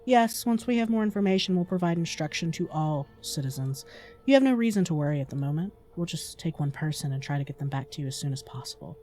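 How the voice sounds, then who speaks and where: A woman voicing a calm government field agent with a measured, formal manner. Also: deep voice.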